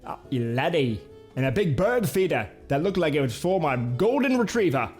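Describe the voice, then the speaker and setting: A boisterous Scotsman with a hammy brogue, bellowing about his own backyard, as a vlogger puts him on. The voice is pushed high and loud, with bits of laughter running through it. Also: big pitch swings, moderate pace, soft background music. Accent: put-on Scottish-Irish brogue.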